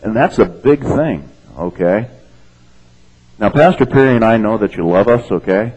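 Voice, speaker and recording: Low-voiced man preaching a conversational sermon. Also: expressive, moderate pace, darkish tone, breathy edge, low-quality recording. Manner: conversational, checks in with "okay?". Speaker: pastor.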